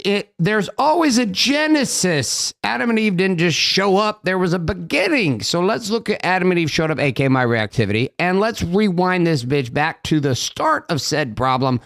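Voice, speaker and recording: A man co-hosting a podcast in casual chat, animated, joking and crude. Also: high-pitched, moderate pace, creaky, hardly any pauses, no echo, clean studio sound. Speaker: podcast co-host.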